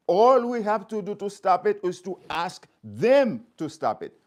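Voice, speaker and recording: A community speaker from Haiti addresses his viewers directly and passionately, driving points home by repeating phrases. His voice sits high, sing-song and a little mellow, at a measured pace.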